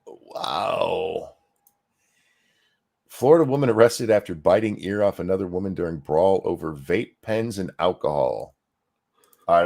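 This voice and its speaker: A man co-hosting a podcast, reading news articles aloud in a deadpan way and breaking off for dry asides. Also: low-pitched, vocal fry. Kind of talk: casual news commentary.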